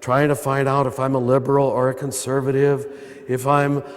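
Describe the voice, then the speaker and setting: Older man, American accent, throaty, mid pitch, conversational sermon, long cathedral reverb. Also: monotone, moderate pace, clear, resonant tone. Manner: conversational, wry asides. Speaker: priest. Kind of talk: spiritual talk to a live audience. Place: large cathedral.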